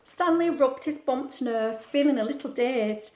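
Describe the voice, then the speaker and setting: A woman's voice: high voice, a little slow, hardly any pauses, darkish tone, reverberant, a little hiss or hum. A woman, a teacher, reading a picture book aloud at home for children, chatty and asking them questions. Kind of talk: storybook read-aloud.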